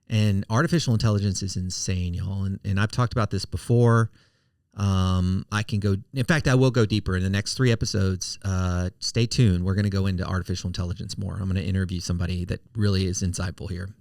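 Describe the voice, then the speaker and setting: A man's voice: deep voice, steady tone, a little fast, gravelly, a little mellow, no room sound, clean studio sound. A middle-aged man, casually explaining finance as a podcast host in a folksy, conversational way. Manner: conversational, self-correcting, folksy.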